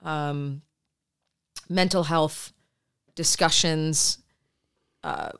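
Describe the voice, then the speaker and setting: Lady therapist cohosting a podcast, kinda low smooth voice, lots of ums. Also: steady tone, very slow, fairly bright tone. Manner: chatty, rambling with many fillers and restarts. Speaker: podcast co-host. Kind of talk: casual chat.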